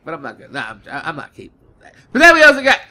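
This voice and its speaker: A man's voice: high-pitched, huge pitch swings, rapid-fire, bright, forceful tone. A man hosting a gameplay video, rambling casually with lots of swearing and frequent laughs. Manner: profane, rambling, laughs often.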